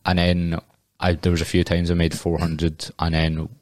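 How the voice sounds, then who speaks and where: A man's voice: low-pitched, monotone, moderate pace, dry recording, clean studio sound. A young Glaswegian man, a podcast guest, telling rambling, sweary stories with plenty of laughs. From Scotland. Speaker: podcast guest, personal trainer. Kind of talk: casual podcast chat.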